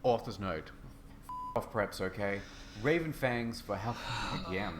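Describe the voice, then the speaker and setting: A man narrating a comedic dramatic reading in a deadpan, mock-serious way. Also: fairly low pitch, a little slow, background noise.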